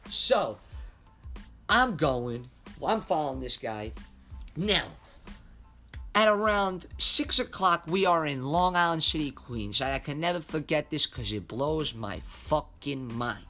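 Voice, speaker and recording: Animated, foul-mouthed male storyteller. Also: a little high, takes it slowly, faint music behind. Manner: animated, heavy cursing. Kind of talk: profane personal anecdote.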